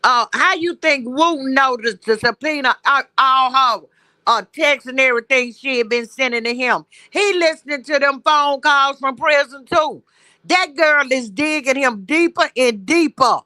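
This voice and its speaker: Blunt, high, bright woman. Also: dry recording. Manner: blunt, salty, fast storytelling. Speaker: guest caller. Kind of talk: casual gossip chat.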